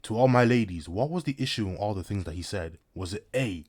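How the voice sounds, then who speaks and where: A young man with a fairly low voice cracking jokes through an anime recap. He talks in heavy slang, hyped and riffing on every scene. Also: animated, a little fast, hardly any pauses, a little mellow. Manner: slangy, hyped, joking asides. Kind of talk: comedic anime recap commentary.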